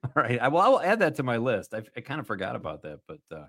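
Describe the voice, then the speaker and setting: An upbeat man hosts a casual radio quiz. He reads questions out loud and keeps breaking in with quick, laughing asides. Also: medium pitch, wildly swooping pitch. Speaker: radio host running a quiz.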